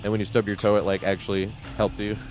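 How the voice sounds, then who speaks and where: A male game streamer talks loosely over his match, his voice sitting a little low. He laughs a lot, swears freely and tells stories with animated energy. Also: fast talker. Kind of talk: casual live gameplay commentary.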